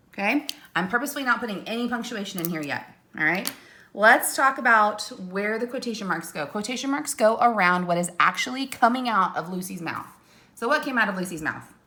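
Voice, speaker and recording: A woman's voice: mid-range voice, pushed and bright. A woman teacher giving a recorded video lesson to young students, explaining step by step and often checking in with "okay?" and "right?".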